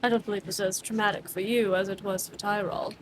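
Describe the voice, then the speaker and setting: A woman's voice: medium pitch, fairly even intonation, quick pace, slight background noise, voice pushed down, close to an everyday voice, poor audio. A woman voicing a stern man who presses hard with cold, probing questions. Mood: cold, pressing.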